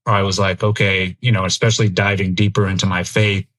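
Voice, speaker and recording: Low-voiced earnest middle-aged man. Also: flat delivery, a little fast, fairly bright tone. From United States. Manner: earnest, reflective, thinks aloud. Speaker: podcast guest, military veteran. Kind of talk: candid interview talk.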